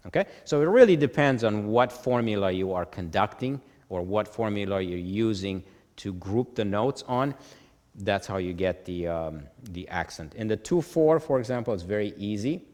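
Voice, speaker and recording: A lower-voiced man teaches music notation in a patient, step-by-step way, counting beats aloud and sounding out rhythms on "ta". He keeps checking in with "okay?" as he goes. His voice carries a long reverb, like a hard-walled room. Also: expressive, moderate pace, darkish tone. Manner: chants rhythms on "ta". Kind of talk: whiteboard lesson.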